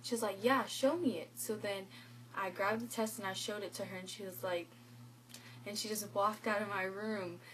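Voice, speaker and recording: A woman's voice: mid-range voice, normal speed, a little hiss or hum, rough recording. A teenage girl telling her own story as a vlogger, retelling conversations with lots of "like" and quoted lines. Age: teens. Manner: animated retelling with quoted dialogue, filler "like". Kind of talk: personal storytelling.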